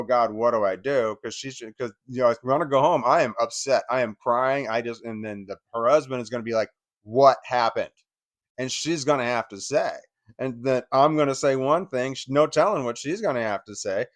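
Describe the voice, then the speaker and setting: With a mid-range voice and no room sound, this man hosts a channel and recounts a hurtful chapter of his life. His telling wanders, curses freely, and leans heavily on fillers as the emotion comes through.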